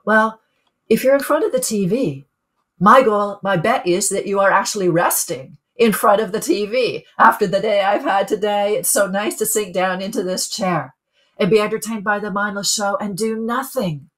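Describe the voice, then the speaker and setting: A middle-aged woman gives a calm webinar talk on sleep as a coach. She keeps asking her listeners questions as she teaches, and her voice sits at an ordinary middle pitch. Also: normal speed.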